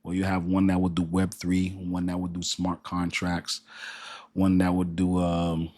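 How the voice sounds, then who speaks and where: A man's voice: low-pitched, completely flat delivery, unhurried, a little mellow, no room sound. A man from Haiti with a Haitian accent, hosting a casual crypto livestream and chatting with viewers in a rambling way, often repeating words.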